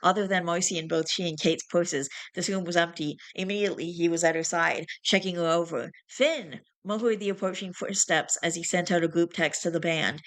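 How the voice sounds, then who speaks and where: A woman's voice: fairly low pitch, fairly even intonation, brisk, few pauses, fairly bright tone. A woman reading fiction aloud, now and then correcting herself with little asides. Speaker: reader.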